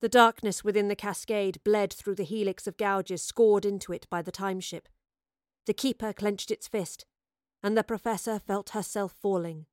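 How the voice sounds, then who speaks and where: A woman narrating an audiobook in an expressive, dramatic storytelling voice. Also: mid-range voice, normal speed, no room sound, clean studio sound.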